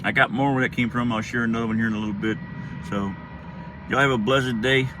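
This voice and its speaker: A man's voice: mid-range voice, steady tone, fast talker. A middle-aged man, telling a childhood story in a casual, rambling way, often laughing and acting out quotes. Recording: faint background noise.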